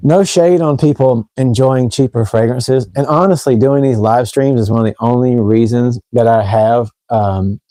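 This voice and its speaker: Fragrance host, man from Tennessee, light Southern accent, rambling chatty live-stream talk, mellow voice, dry room. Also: medium pitch, normal speed, hardly any pauses, no room sound. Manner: rambling, chatty, talks straight to viewers. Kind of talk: casual live stream chat. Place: room at home.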